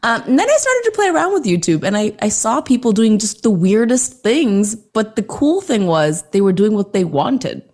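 A woman, a podcast guest telling animated, self-mocking stories with voiced quotes. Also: mid-range voice, normal speed, few pauses. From Toronto, Canada. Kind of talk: casual interview chat.

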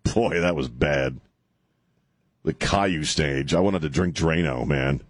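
A middle-aged man hosting a talk radio show, ranting sarcastically and slipping into mocking high voices. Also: slow pace, no echo.

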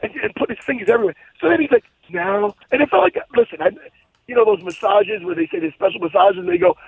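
A man hosting a podcast, telling a story in a casual, animated and profane way and laughing at his own story. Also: extremely high pitch, fast talker, vocal fry, no echo. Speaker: podcast co-host. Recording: tinny, phone-like dry sound.

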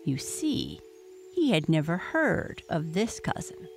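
A woman reading a bedtime story aloud in a calm, gentle way. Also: on the low side, slow pace, gravelly. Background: soft music.

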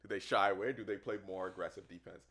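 A man's voice: deep voice, fairly even intonation, fast talker, a crowd in the background. A man co-hosting a podcast in casual banter, arguing his points and laughing often. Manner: argumentative, laughing.

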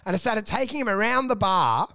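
A young man tells stories on a comedy podcast with a gravelly edge and a bright, tense tone. He swears freely and acts out the people in his stories. The sound is dry and close. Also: sits high, brisk, dry recording. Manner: swearing, animated, acting out characters. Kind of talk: casual comedy podcast storytelling.

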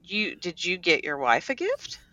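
Teasing woman w/ an accent, lowish but bright voice, dry close sound. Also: huge pitch swings, unhurried, no echo. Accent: regional accent. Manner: teasing, playful, laughs often. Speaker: nurse practitioner, podcast co-host. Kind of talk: casual chat.

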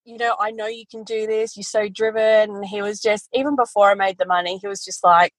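A woman, a guest telling her business story in a casual interview, animated and quick to laugh. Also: mid-range voice, no echo, rough recording. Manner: animated storytelling, quotes family in voices, laughs often. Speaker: guest, photography educator.

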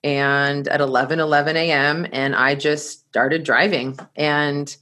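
A woman with a low, deep voice shares a personal story with an audience. She is animated and keeps laughing and restarting her sentences as she talks. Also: unhurried. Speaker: speaker telling her travel story; course teacher.

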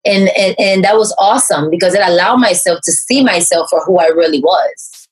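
A woman, a life coach, telling her personal story in an interview, animated and full of fillers and restarts. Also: brisk, breathy edge, poor audio. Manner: animated storyteller, raises pitch to act out quoted speech.

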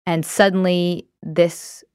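Low-voiced woman giving candid self-help talk. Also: flat delivery, slow, clean tone, dry recording, studio quality. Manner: candid, rambling, with fillers. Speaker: podcast host.

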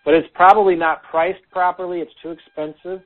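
A man's voice: high-pitched, little pitch movement, brisk. A man co-hosting a casual business talk, giving practical advice with frequent "um" fillers, heard over a phone line. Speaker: podcast co-host.

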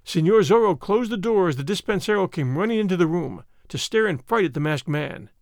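A man narrating an adventure story aloud with expressive storytelling. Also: sits high, brisk, no room sound, studio quality. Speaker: audiobook narrator. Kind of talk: scripted narration.

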